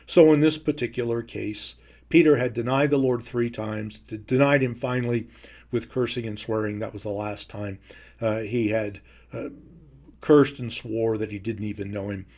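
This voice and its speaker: A man teaching a Bible lesson in a measured, emphatic way, slowing down to stress key phrases. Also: fairly low pitch, steady tone, darkish tone. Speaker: preacher.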